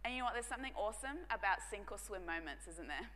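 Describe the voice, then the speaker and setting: A woman pastor, telling a personal story in a sermon, earnest and dropping to hushed tones for emphasis. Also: medium pitch, lively intonation, fast talker. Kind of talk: sermon testimony. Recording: long hall reverb.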